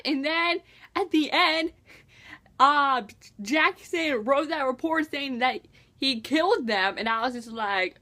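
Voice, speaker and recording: A young woman excitedly reviewing a book in a casual vlog, gushing and acting out her own reactions. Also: high voice, moderate pace. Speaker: book vlogger.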